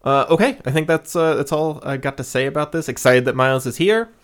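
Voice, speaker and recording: A man's voice: mid-range voice, fairly quick, clean tone. A man co-hosting a podcast, chatting casually, rambling with lots of fillers and laughing often. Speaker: podcast co-host.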